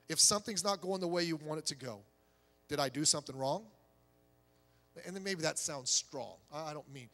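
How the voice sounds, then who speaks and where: A male pastor delivers a sermon in a high, bright voice. He preaches conversationally yet emphatically and throws rhetorical questions at his listeners. His words ring out with a long reverb in a large hall.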